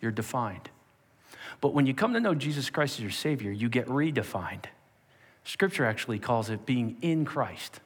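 A man preaching an animated sermon as pastor to a live audience. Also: mid-range voice, moderate pace, husky. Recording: long reverb of a large hall.

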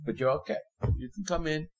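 An older man, a rabbi, giving an animated sermon full of jokes and acted-out little scenes. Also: a little high, poor audio.

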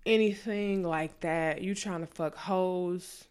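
A woman with a smooth, low-leaning voice takes her time while co-hosting a casual chat about her dating experiences. She's animated and heavily profane, and she raises her voice to act out what other people said.

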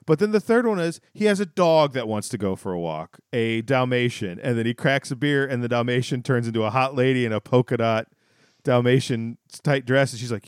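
A man's voice: mid-range voice, lively intonation, fairly quick, smooth, no room sound, clean studio sound. A man co-hosting a podcast, chatting casually about a sitcom episode with rambling restarts and laughing asides. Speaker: podcast co-host. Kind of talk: casual chat recapping a sitcom.

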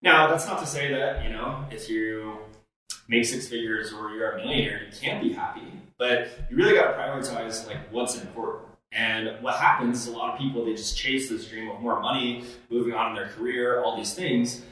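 A man's voice: medium pitch, fairly even intonation, moderate pace, bright, forceful tone. Man on a roomy, distant mic. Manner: earnest, coaching tone with fillers. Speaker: podcast co-host. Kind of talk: casual podcast chat. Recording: echoey room, off-mic.

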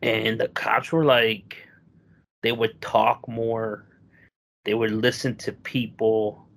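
A man's voice: fairly low pitch, flat delivery, slow pace, vocal fry, fairly bright tone. A man in casual chat, rambling and swearing, with lots of fillers, who acts out the people in his story. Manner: rambling, profane, filler-heavy, acts out quotes.

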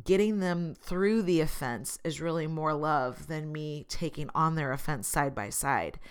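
Woman with a low voice chatting earnestly to camera, self-deprecating, laughs at herself. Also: measured pace, clean tone. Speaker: vlogger. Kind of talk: casual reflective monologue.

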